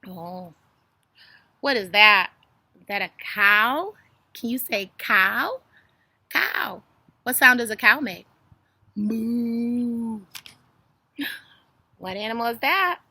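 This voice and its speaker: A woman's voice: fairly high pitch, lively intonation, takes it slowly, pauses often, pushed and bright, dry recording. A young woman reading a story and doing animal flashcards for toddlers in a sing-song, exaggerated way. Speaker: children's video host.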